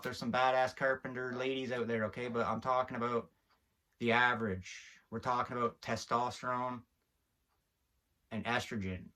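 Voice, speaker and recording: A man's voice: medium pitch, pushed and bright. A man hosting a video, giving a heated, preachy commentary straight to camera and getting worked up as he talks. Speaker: video host.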